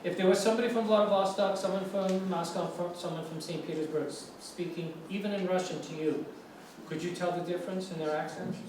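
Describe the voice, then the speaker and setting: An older man with a New York accent, a guest lecturer answering student questions in a relaxed, rambling way with fillers and restarts. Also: high-pitched, brisk. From New York City. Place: large lecture room. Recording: echoey room, far mic, faint noise.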